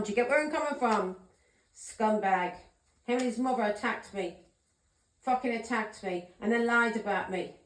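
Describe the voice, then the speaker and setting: A woman's voice: on the high side, reverberant. A woman giving a tarot reading vlog, a blunt, ranting straight talker who swears freely. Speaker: tarot reader.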